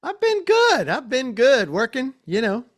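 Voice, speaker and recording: A man's voice: very high-pitched, huge pitch swings, unhurried, a bit bright. A man hosting a podcast interview over a video call, talking in an effusive, enthusiastic way and laughing easily. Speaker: podcast host. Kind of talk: casual interview chat.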